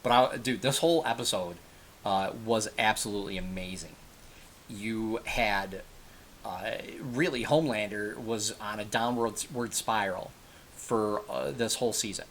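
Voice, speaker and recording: Low-voiced man rambling through a recap. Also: unhurried, fairly bright tone, slight background noise. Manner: rambling, backtracks and corrects himself. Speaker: TV episode reviewer. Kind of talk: casual spoken episode recap.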